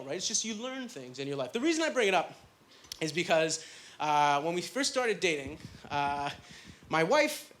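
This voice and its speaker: Stand-up comic, man in his thirties, higher voice, rambling self-deprecating delivery, live club noise. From Canada. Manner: chatty, self-deprecating storytelling with many fillers. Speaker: stand-up comedian. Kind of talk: stand-up comedy set. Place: comedy club stage with a live audience. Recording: live club recording with loud crowd laughter.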